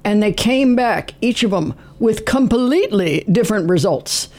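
Guy hosting call-in radio, kinda high voice, easygoing rambly chat. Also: expressive, normal speed, a little mellow. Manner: chatty, easygoing, thinks aloud with fillers. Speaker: radio host.

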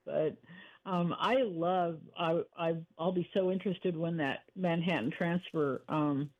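A woman's voice: lowish voice, steady tone, unhurried. Eager woman caller on a tinny phone line. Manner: eager, gushing, hesitant with many ums. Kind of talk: casual phone-in chat.

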